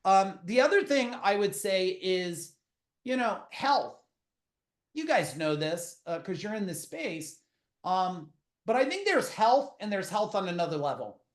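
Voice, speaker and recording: A middle-aged man, a podcast guest, tells blunt, profane stories in casual interview talk, full of quick asides. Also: high voice, very animated, echoey room.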